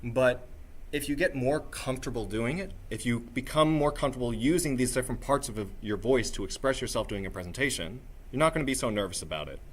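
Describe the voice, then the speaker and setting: A man leading a live workshop, coaching the room like a voice teacher with a singing background, energetic and coaxing, checking in again and again with "right?" and "okay?". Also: medium pitch, brisk. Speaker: workshop presenter.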